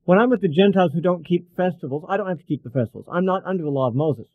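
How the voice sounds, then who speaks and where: A man's voice: sits high, expressive, racing, dry recording, narrow, tinny audio. Conversational man teaching a Bible lesson. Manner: conversational, thinking aloud with fillers and asides.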